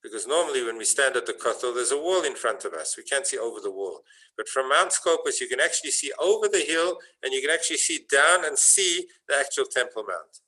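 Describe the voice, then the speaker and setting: Bright-voiced man preaching a sermon. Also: mid-range voice, animated, a little fast, low-quality recording. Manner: storytelling, rising to fervent emphasis. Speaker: rabbi.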